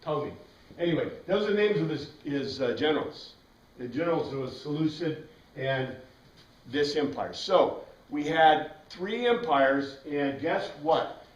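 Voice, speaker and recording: Animated male Bible teacher, echoey room. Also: fairly high pitch, a little slow, distant mic. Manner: animated, asks the class questions, frequent "right?". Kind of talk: classroom lecture.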